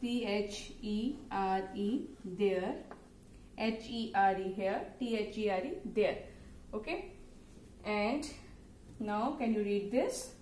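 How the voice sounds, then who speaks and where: A woman's voice: mid-range voice, slow pace, darkish tone. A woman with an Indian English accent teaching phonics to young children, patiently spelling out words letter by letter. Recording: echoey room, faint background noise.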